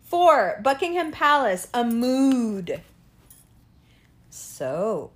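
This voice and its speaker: A young woman hosting a casual monologue, profane and animated, often laughing and asking rhetorical questions. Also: on the high side, unhurried, a little hiss or hum.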